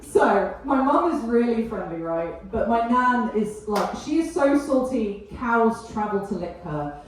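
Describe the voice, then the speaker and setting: A woman's voice: fairly high pitch, lively intonation. A woman in her thirties doing a cheeky stand-up set, chatting with the crowd between jokes. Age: 30s. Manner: cheeky, quick asides and frequent laughter. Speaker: stand-up comedian. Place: comedy club stage with an audience. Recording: very echoey room, voice far off.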